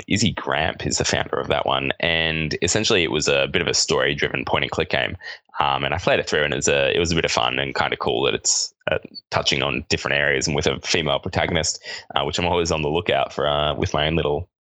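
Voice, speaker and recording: Very deep-voiced Australian man chatting. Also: fast, bright, forceful tone, no echo. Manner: rambling, hesitant with many "uh"s. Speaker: podcast co-host. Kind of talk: casual chat.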